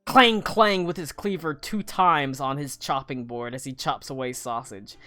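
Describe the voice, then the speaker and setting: Bright-voiced man running a tabletop game. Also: a little high, a little slow, no room sound. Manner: rambling, many "uh"s and restarts. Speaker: game master.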